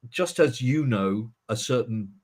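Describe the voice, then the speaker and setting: A man's voice: mid-range voice, expressive, a little slow, darkish tone. A man co-hosting a casual stream, cutting in with apologies and mocking imitations of bank managers. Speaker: co-host. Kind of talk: casual live-stream chat.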